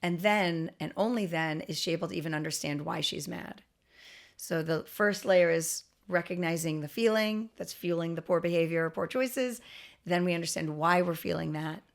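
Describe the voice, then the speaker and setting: A woman's voice: on the low side, moderate pace, vocal fry. A middle-aged woman, a guest expert on a podcast interview, explaining earnestly with frequent restarts and light laughs.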